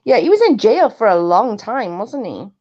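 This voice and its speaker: A woman's voice: fairly high pitch, sing-song, normal speed, dark tone. A woman chatting casually on a livestream, laughing often and telling rambling stories. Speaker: guest co-host. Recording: muffled lo-fi stream audio.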